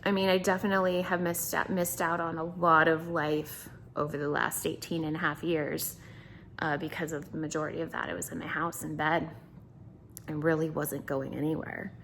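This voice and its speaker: Chatty woman with a lowish voice. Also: level tone, moderate pace, gravelly, a bit bright, a little hiss or hum. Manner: chatty, rambling with restarts; talks to her dog. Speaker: vlogger. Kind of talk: casual video diary.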